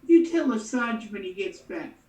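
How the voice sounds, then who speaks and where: A man's voice: high voice, sing-song, moderate pace, warm tone. Man, tabletop player, confident, roomy echo. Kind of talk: tabletop role-play.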